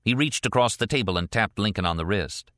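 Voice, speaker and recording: A man narrates a novel in a steady, deliberate manner. His voice is very deep but crisp and forceful. The recording is close and dry. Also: no echo. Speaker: audiobook narrator. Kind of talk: scripted narration.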